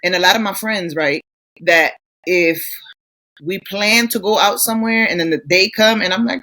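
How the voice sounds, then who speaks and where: A woman's voice: mid-range voice, fairly quick. A middle-aged woman co-hosting a podcast, talking bluntly and cursing freely as she tells stories in a casual chat. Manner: blunt, profane, animated storytelling. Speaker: podcast co-host.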